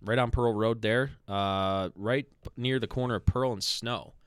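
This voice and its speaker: Podcast host, man, low voice, dry close mic, easygoing and rambling. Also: unhurried, clear, resonant tone, dry recording. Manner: relaxed, rambling, with fillers and self-corrections. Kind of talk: casual podcast chat.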